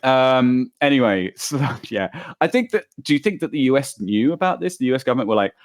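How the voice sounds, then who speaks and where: A man's voice: medium pitch, expressive, brisk, dry recording, clean studio sound. A British man co-hosting a casual podcast chat, rambling and breaking off mid-sentence, often laughing. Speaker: podcast co-host.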